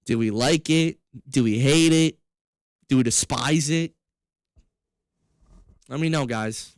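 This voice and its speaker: A man's voice: medium pitch, dry recording. Profane young male streamer, dry close mic. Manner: loose, profane, fast-shifting banter with laughs. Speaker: gaming streamer. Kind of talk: live stream chat.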